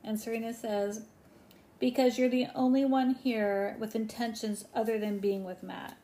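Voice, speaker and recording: A young woman co-hosting a casual recap chat, talking fast and acting out the quotes she retells. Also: on the high side, fairly even intonation, mellow. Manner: chatty, acts out quotes with emphasis. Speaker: podcast co-host.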